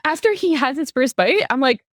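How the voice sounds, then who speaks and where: Animated high-voiced woman telling stories. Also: fairly quick, dry recording, clean studio sound. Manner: animated storyteller who laughs often. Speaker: podcast co-host. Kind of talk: casual podcast chat.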